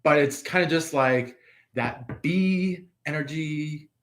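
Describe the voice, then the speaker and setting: A man's voice: on the high side, takes it slowly, a bit bright, a little hiss or hum. A man giving a casual tarot reading, rambling with many fillers and restarts. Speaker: tarot reader.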